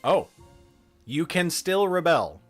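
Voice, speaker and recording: A man streaming a strategy game live, reading out the game's text and chatting casually with his viewers in a relaxed way. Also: a little high, takes it slowly, soft background music. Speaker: streamer running a game for chat.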